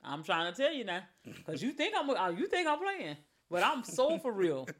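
Woman, podcast co-host, lively swooping pitch, teasing, insistent, casual chat. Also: normal speed.

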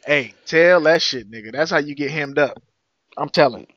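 A man's voice: fairly high pitch, normal speed, fairly bright tone, no echo. A man co-hosting a podcast, giving blunt, emphatic opinions in casual chat. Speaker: podcast co-host. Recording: dull dry lo-fi audio.

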